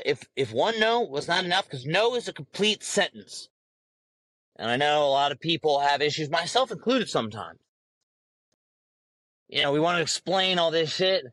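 A man's voice: fairly high pitch, very animated, moderate pace, long pauses, fairly bright tone, no echo. A man hosting a podcast, ranting heatedly with lots of swearing, repeating lines for emphasis. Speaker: podcast host. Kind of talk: profane opinion rant.

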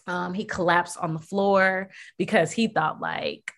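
A woman's voice: lowish voice, very animated, unhurried, vocal fry. A young woman candidly recounting a personal story, using many fillers and acting out what people said. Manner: candid, filler-heavy, acts out quoted voices. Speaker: guest sharing personal story.

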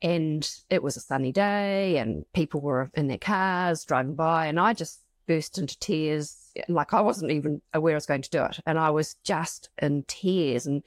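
A woman's voice: deep voice, moderate pace, few pauses, no room sound. A middle-aged woman co-hosting a heartfelt conversation, reading passages aloud and reflecting on her own experiences. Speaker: podcast co-host. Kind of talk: casual emotional conversation.

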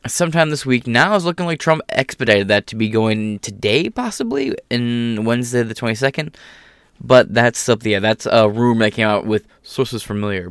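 A man's voice: medium pitch, fairly bright tone, clean tone, dry recording, studio quality. A man hosting a casual political commentary vlog, talking bluntly and sarcastically and swearing freely. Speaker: host.

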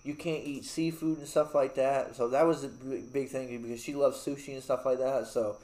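A man's voice: mid-range voice, steady tone, normal speed, a little mellow, reverberant. A young man telling a story in casual chat, rambling and swearing, with lots of fillers. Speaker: new father.

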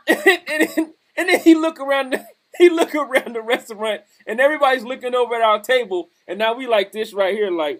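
Man, podcast host, high voice, animated, laughing storyteller, casual chat. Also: a little fast.

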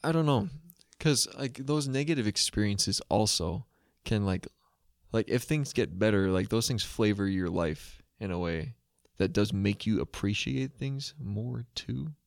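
A man's voice: lowish voice, measured pace, vocal fry, no echo, studio quality. A young man co-hosting a podcast, talking casually in a thoughtful, hesitant way as he searches for words. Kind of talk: casual conversational chat.

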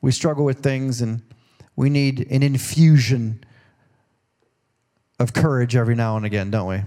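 A man's voice: medium pitch, fairly even intonation, moderate pace, warm tone. A man preaching a sermon as pastor of a church in a conversational way. He asks the congregation questions and acts out voices in quoted dialogue. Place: church service.

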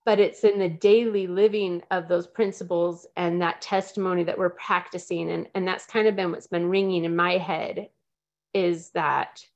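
A woman's voice: lowish voice, lo-fi sound. A woman, sharing earnestly and emotionally with a group, close to tears. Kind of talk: heartfelt personal sharing.

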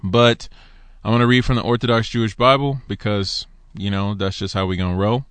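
Animated man teaching scripture, dry sound. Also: lowish voice, a little fast, clear, resonant tone, no room sound. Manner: animated, conversational, rhetorical questions; reads scripture aloud. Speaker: Messianic Bible teacher.

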